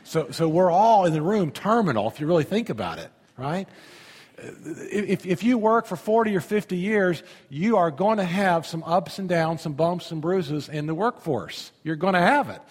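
A man's voice: high-pitched, lively intonation, normal speed, husky. A man pastor preaching a sermon in a conversational way, often asking the audience questions. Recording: long hall reverb.

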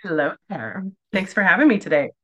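A woman's voice: fairly low pitch, big pitch swings, brisk. Chatty woman guest in her forties. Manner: chatty storyteller, many "like" fillers. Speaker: podcast guest. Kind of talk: casual interview chat.

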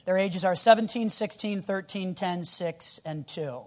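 Animated high-voiced male preacher. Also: unhurried. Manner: animated, growls and shouts while acting out scenes. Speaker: pastor. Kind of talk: sermon.

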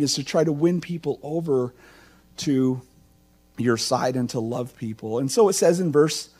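A man's voice: medium pitch, warm tone. A middle-aged man and pastor giving a chatty, conversational sermon, asking his listeners questions and telling personal stories. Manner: chatty and informal, asks the congregation questions, tells personal stories. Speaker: teaching pastor.

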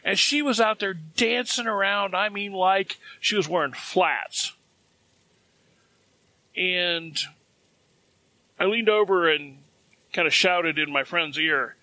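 A middle-aged man spins a personal story in a casual, chatty way. His voice sits a little high and sounds bright and forward. He often breaks into a chuckle at his own jokes. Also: slow pace, pauses often, no echo.

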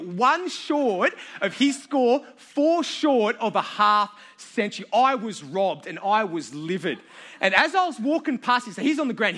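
An Australian man with a high, bright voice preaches to a live crowd. He tells his story with a self-mocking, joking touch. His sound is sharp and forward. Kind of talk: storytelling sermon to a live audience.

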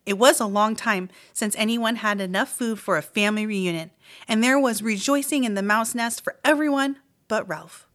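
A woman reading a children's chapter book aloud as a mystery reader, with lively, expressive storytelling. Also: on the high side, normal speed.

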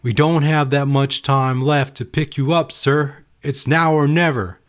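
A man's voice: medium pitch, fairly even intonation, measured pace, voice pushed up, lightly acted. A man voicing a stubborn man who insists on waiting in a flood and brushes off every offer of help. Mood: indignant. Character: stubborn adult man refusing rescue in a flood.

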